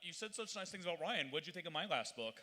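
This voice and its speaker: A man, an author at a bar reading, plugging his books with rapid, hesitant talk. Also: a little high, expressive, pushed and bright. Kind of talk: self-promoting banter. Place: bar stage. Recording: reverberant live venue.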